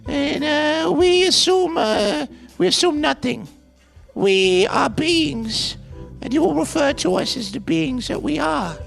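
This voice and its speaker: A man putting on a high, floaty Gen Z voice. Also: lively intonation, slow, vocal fry, a bit bright, soft background music, exaggerated voice. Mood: airy, lofty. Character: airy young Gen Z person, vague and lofty.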